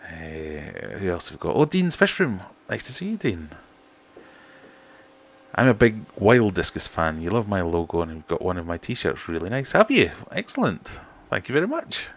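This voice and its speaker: A middle-aged British man hosting a relaxed livestream, chatting and reading out viewer comments in a self-deprecating way. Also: low voice, normal speed. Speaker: fishkeeping livestream host. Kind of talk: casual livestream chat.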